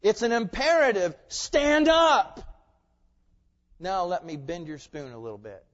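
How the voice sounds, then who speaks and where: A male pastor preaching a sermon, moving from quiet, conversational asides to loud, forceful proclamation. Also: sits high, very animated, a little fast. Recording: muffled sound with long hall reverb.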